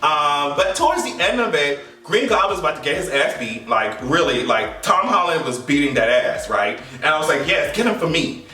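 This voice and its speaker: A man recapping a movie in a casual, animated way, swearing, joking and laughing as he goes. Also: a little high, moderate pace, few pauses, distant mic. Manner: animated, profane and playful, laughing often. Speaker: movie reaction vlogger. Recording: echoey room, voice a bit off-mic, faint music.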